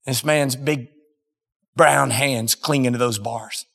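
Slow-speaking preacher in a reverberant hall. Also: male voice, mid-range voice, gravelly, a bit bright. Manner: dramatic, emphatic pauses. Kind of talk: sermon storytelling. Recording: long reverb in a large hall.

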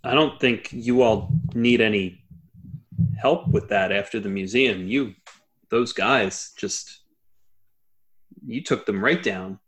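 Guy playing a nervous young waiter in a tabletop game, stammers a lot, soft-ish. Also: fairly low pitch, takes it slowly, long pauses. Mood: awed. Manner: hesitant, stammering. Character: shy awestruck young male waiter.

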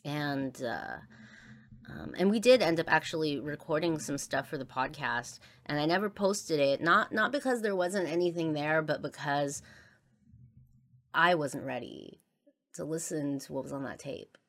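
A woman hosting a podcast, talking through a personal confession in halting speech full of fillers, often trailing off quietly. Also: sits low. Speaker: podcast host.

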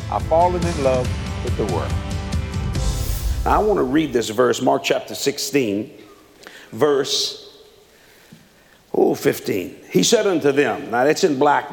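A male preacher giving an animated, playful sermon, swinging between loud emphasis and hushed asides. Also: medium pitch. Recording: long reverb of a large hall.

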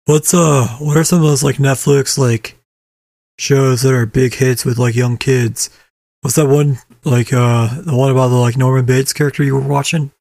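A man's voice: mid-range voice, fairly even intonation, moderate pace, creaky, a little mellow, no room sound, clean studio sound. A man co-hosting a casual chat, blunt and sardonic, swearing heavily. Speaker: podcast co-host.

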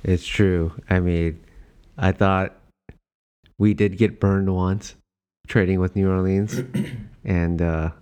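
Low, mellow-voiced young man. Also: fairly even intonation, takes it slowly, long pauses, smooth. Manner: laid-back, chatty with many fillers. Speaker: podcast host. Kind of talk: casual chat.

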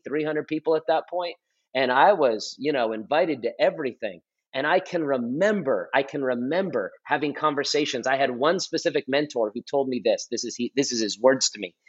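A man in his thirties, a pastor, telling his testimony in a relaxed podcast conversation, earnest and repetitive for emphasis. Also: a little high, fairly quick, husky. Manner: earnest storytelling, repeats and restarts phrases for emphasis. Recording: slightly dull lo-fi audio.

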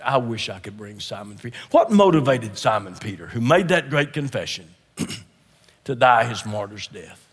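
A man preaching a sermon as a guest speaker, emphatic and repetitive, swinging between loud declarations and hushed asides, often clearing his throat. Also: medium pitch, very animated, normal speed, big-room sound.

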